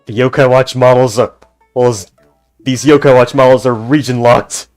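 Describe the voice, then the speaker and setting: A man's voice: medium pitch, fairly even intonation, moderate pace, soft background music. A man livestreaming a video game, chatting casually in a rambling, easygoing way with frequent restarts. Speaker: gaming streamer. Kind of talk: casual livestream chat reading.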